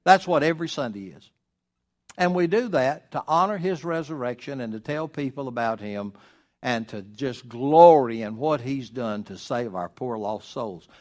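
A male pastor, preaching a sermon emphatically, with rhetorical questions and slowed words for stress. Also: medium pitch, darkish tone.

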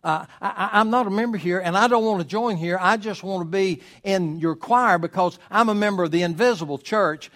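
A woman's voice: medium pitch, fairly quick, hardly any pauses, a bit bright, voice pushed up, close to an everyday voice. A male preacher voicing a flustered, earnest church lady who stammers as she speaks. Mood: pleading.

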